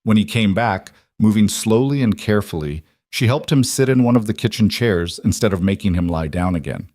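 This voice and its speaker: Brief: male audiobook narrator, lowish voice, steady storytelling, dry close sound. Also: fairly quick, no room sound.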